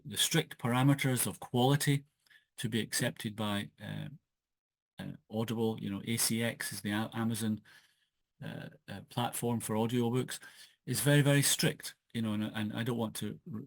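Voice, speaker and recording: A Scottish author hosting his own channel talks casually and hesitantly in a solo podcast, full of fillers and restarts. His lowish, creaky voice is captured dry by a laptop's built-in microphone in his home office, which has a wooden desk.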